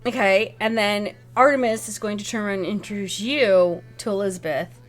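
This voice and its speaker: A woman running a tabletop role-playing game as game master, narrating scenes in a lively, descriptive way with frequent self-corrections. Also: medium pitch, a little fast, soft background music.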